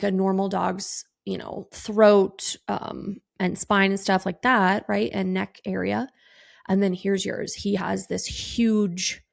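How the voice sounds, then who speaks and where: A woman's voice: medium pitch, creaky. A woman podcast host in her thirties telling a personal story to her listeners, emotional and tearful, her voice breaking, peppered with casual fillers.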